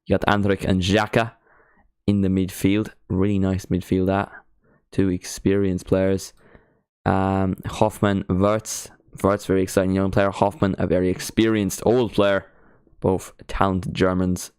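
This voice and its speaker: A teenage Irish guy with an Irish accent hosts a football watchalong stream, chatting casually and poking fun at himself. His voice is low and a little mellow, with little pitch movement and a measured pace. The tone is clean, with no echo and clean studio sound.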